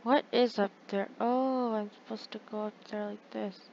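A woman giving casual commentary over her own gameplay, excitable and chatty with her viewers, gasping and groaning at every setback. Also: mid-range voice, normal speed, creaky, highs cut off, slight background noise. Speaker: gaming channel host.

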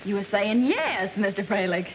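A woman's voice: medium pitch, sing-song, moderate pace, noisy background, natural voice. An actress playing a vain, pushy woman singer with a Southern accent, in theatrical 1940s film style. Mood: wounded, scheming. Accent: Southern American. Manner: huffy, indignant, theatrical. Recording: dull old film soundtrack.

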